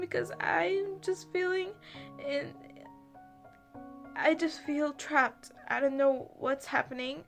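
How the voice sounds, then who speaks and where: A young woman tells an emotional personal story in a high, halting voice, stopping and restarting as she gets upset. She sounds close to tears throughout. Soft music plays faintly in the background. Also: creaky. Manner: halting, many fillers and restarts, anxious. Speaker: vlogger.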